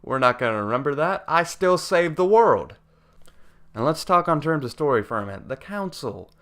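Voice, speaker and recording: A man's voice: a little high, very animated, normal speed, fairly bright tone. A young man giving a casual video game review in a rambling, profane, jokey way.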